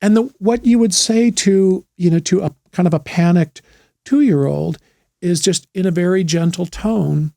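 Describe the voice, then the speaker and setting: A middle-aged man, a therapist and podcast host, talking through trauma healing in a slow, gentle, thoughtful way with frequent restarts. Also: high-pitched, vocal fry, dry recording. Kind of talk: reflective solo talk on trauma healing.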